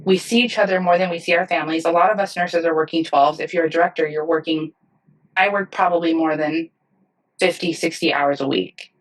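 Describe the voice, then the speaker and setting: A woman's voice: fairly low pitch, steady tone, a little fast, recorded from a distance, rough recording. A woman in her thirties, a nursing director, talking candidly in a podcast interview and acting out the people she quotes. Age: 30s. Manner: earnest, candid storytelling that acts out voices.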